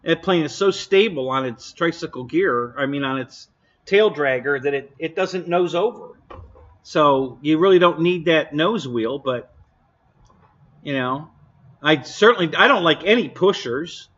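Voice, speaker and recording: A man hosts a casual live stream, answering his viewers bluntly and laughing often. His voice sits a little high and sounds bright and sharp. The stream audio is somewhat dull and lo-fi. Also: lively intonation, measured pace.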